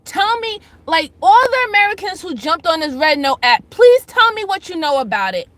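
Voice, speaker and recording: A woman hosting a casual livestream, her voice high and bright. She shouts out chatters by name, then lectures and pleads with her viewers, hammering the same points again and again. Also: big pitch swings, moderate pace, no room sound. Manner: emphatic, repeats herself. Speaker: livestream host.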